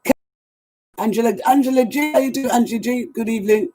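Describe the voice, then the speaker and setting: A woman hosting a live music show, reading out chat shout-outs in a casual, animated way. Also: fairly high pitch, fast. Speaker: radio show host and DJ. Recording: music playing underneath.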